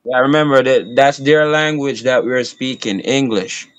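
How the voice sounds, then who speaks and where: A man's voice: mid-range voice, measured pace. A Jamaican man from Jamaica chatting casually and patiently explaining things to a stranger over a video call. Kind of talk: casual chat. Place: at home, friends nearby.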